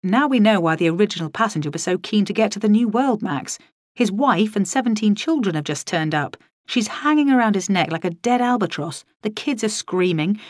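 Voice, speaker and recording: A harried young man, played by a woman reading a novel reports back in a brisk, joking, excitable way. The sound is close and dry. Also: medium pitch, no room sound, close to an everyday voice. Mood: excited.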